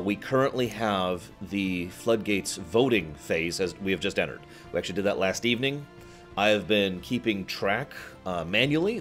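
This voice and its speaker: A male livestream host in casual, rambling chat who answers viewer comments and often laughs at his own remarks. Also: low-pitched.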